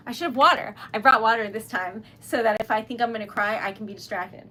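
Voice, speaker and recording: A woman's voice: a little high, fast talker, pushed and bright, a little hiss or hum. A young woman, chatting casually on a craft livestream, giggly and easily flustered as she thanks her chat. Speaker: livestream host.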